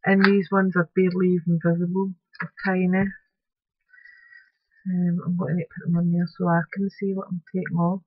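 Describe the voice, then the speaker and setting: A woman's voice: on the low side, flat delivery, fairly quick, slightly rough, dry recording, lo-fi sound. A woman narrating a crafting tutorial, chatting along and muttering to her materials as she works.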